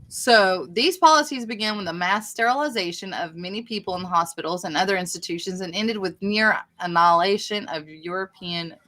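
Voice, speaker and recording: A woman's voice: mid-range voice, sharp tone. A woman chatting casually on a livestream, rambling and poking fun at herself. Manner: rambling, chatty, self-deprecating. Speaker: livestream host.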